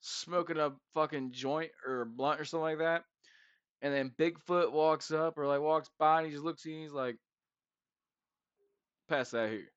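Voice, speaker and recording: A man's voice: a little high, steady tone, brisk, a bit bright, clean tone, dry recording, dull audio. A man hosting a casual podcast on a headset, brash, crude and teasing. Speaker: podcast host. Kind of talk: casual chat.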